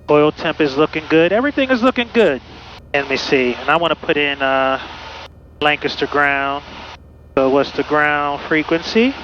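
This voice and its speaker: A man's voice: on the high side, dull audio, slight background noise. A man from Pittsburgh, a student pilot talking viewers through his flight from the cockpit in a chatty, upbeat way. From Pittsburgh, USA. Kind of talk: casual cockpit narration. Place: small plane cockpit in flight.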